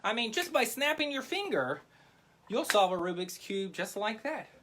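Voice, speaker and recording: A playful man hosting a kids' magic show, his voice bright and bouncing all over the place. He clowns around and teases himself while chatting directly with young viewers. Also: high voice, very animated, moderate pace, slight background noise. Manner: goofy, playful, self-mocking, addresses kids directly. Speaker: children's magician.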